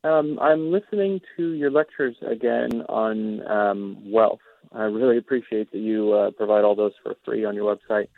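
A man's voice: lowish voice, normal speed, creaky. A man from Oregon calling into a radio show, asking a question hesitantly with many ums and uhs. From Oregon, USA. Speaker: caller. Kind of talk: call-in question. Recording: tinny dry phone line.

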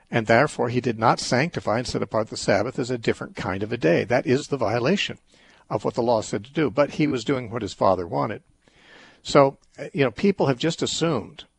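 A middle-aged man hosting a call-in radio show, calmly reasoning through a Bible question with everyday examples. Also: medium pitch, vocal fry, husky, dry recording. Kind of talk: call-in Bible teaching talk.

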